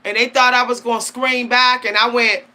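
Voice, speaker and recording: Speaking at a moderate pace with a flat delivery and a sharp tone, this higher-voiced woman hosts her channel. She discusses spiritual matters to camera in a casual, emphatic, slangy way, laughing often.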